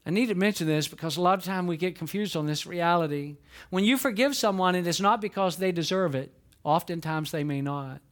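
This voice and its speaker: A high-pitched man preaching a sermon as a pastor. He tells stories with lively bursts of feeling, then drops to soft, earnest asides. He sounds middle-aged. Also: brisk. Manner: storytelling, swings from animated outbursts to hushed earnest tones.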